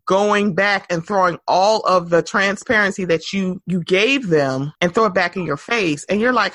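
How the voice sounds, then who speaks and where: A young adult woman co-hosting a casual chat, frank and profane, laughing often and jumping into high mocking voices when she quotes people. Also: moderate pace, few pauses, a bit bright, no room sound, studio quality. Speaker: podcast co-host.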